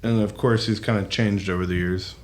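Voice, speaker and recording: Animated man telling stories. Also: lowish voice, fairly quick. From American South. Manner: animated, profane storyteller. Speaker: podcast co-host. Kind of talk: casual studio chat. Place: marketing studio.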